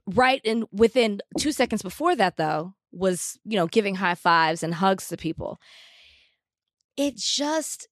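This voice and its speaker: A woman co-hosting a casual talk show, with an earnest and emphatic way of telling a story. Her voice sits at a middle pitch, and the recording is close and dry with no room sound. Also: animated, measured pace, dry recording. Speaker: co-host. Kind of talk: casual chat.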